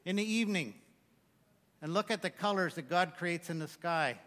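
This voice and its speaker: A man's voice: high-pitched, normal speed, bright, forceful tone. A man preaching a sermon, mixing scripture readings with joking, self-mocking asides. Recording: long hall reverb.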